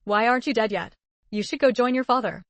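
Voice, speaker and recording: A woman's voice: fairly high pitch, quick pace, no room sound, lightly acted. A woman voicing a cruel former friend who spits out insults in a storybook recap. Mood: contemptuous. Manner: spiteful, insulting. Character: sharp-tongued former friend, contemptuous and cruel.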